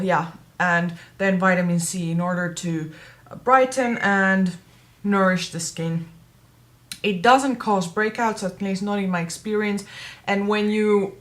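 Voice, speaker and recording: A woman beauty vlogger giving a casual skincare product review, chatty and self-correcting, repeating words for emphasis. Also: mid-range voice.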